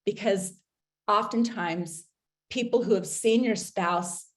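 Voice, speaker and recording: Earnest woman giving measured advice. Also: mid-range voice. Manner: earnest and measured, many pauses and "um" fillers. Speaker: host giving recovery advice. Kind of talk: casual advice talk.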